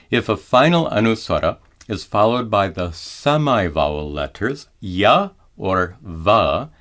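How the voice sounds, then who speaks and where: A middle-aged man teaching Sanskrit chanting in a measured, calm manner, pausing to chant each example slowly. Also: low-pitched. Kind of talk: slow explanatory lesson with chanted examples.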